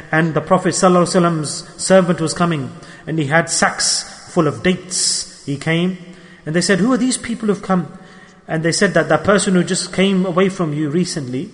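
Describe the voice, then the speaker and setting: A man preaching a sermon, telling a story with animated swings between loud exclamations and hushed asides. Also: a little high. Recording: long hall reverb.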